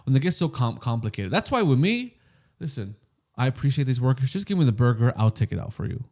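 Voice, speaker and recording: A man's voice: medium pitch, very animated, fast talker, a little mellow. Emphatic swearing man. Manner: emphatic, profane, says man a lot. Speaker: podcast co-host. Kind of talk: casual chat.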